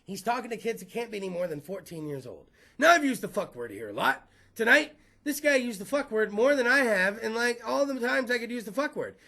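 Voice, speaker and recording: High, gravelly man telling comic stories. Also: big pitch swings, a little fast, sharp tone. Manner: profane, rambling, laughing often. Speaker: podcast host. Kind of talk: comedic storytelling monologue.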